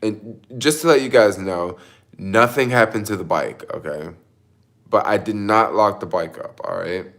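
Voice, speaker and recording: A man's voice: fairly low pitch, a little slow, fairly bright tone. A young man vlogging, emotional and close to tears, telling a rambling story full of fillers and restarts about his delivery shift. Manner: rambling, self-conscious, lots of fillers. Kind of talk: casual storytelling vlog.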